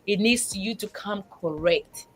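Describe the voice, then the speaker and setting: A woman's voice: medium pitch, measured pace, soft background music. Tearful woman telling her story. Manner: tearful, animated storytelling with restarts. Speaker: guest single mother. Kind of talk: emotional testimony in a faith talk show.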